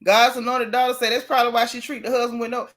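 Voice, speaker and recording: Woman w/ aave doing a gossip livestream, kinda high voice, reading chat out loud all animated. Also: fast. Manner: animated, reads chat comments aloud. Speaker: host.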